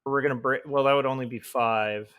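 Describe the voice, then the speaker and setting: A man talks casually while he works on a comic page, thinking out loud and rambling from one thought to the next. He fills his pauses with ums and likes and often restarts his sentences. His voice sits at an ordinary middle pitch. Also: fairly even intonation, clear, resonant tone. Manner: thinking aloud, rambling with fillers. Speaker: comic artist streaming his work. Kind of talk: casual livestream chat while drawing.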